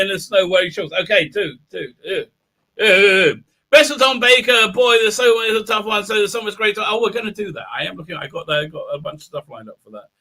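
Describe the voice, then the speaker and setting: A middle-aged man hosting a live stream, greeting viewers and rambling excitedly, with loud outbursts of delight. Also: high-pitched. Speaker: livestream host. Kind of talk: live stream chat, reading viewer comments.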